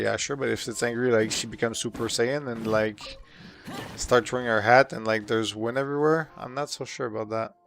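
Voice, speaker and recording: A man with a slightly sore throat, chatting casually with viewers while streaming a game, relaxed and full of fillers. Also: mid-range voice, gravelly. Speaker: streamer answering chat questions. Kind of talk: casual live-stream chat while gaming.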